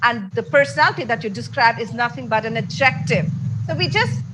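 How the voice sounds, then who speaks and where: Woman, English teacher, upbeat, encouraging, high voice, noisy recording. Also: expressive, fairly quick, fairly bright tone. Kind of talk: interactive online class. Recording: noisy online class audio.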